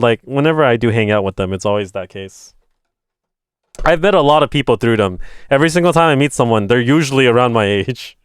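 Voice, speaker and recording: Clear and resonant, this man's voice comes through a dry, studio-quality recording. The streamer, in his twenties, builds a model kit while chatting, swearing, and spinning lively stories where he mimics friends in a higher voice.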